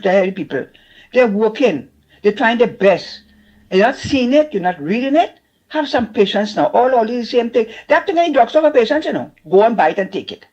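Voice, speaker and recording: Trinidadian caller, chatty, indignant, mid pitch, muffled lo-fi phone line. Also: a little mellow. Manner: chatty, indignant, addresses host by name. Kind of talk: call-in talk. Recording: dull lo-fi call-in line.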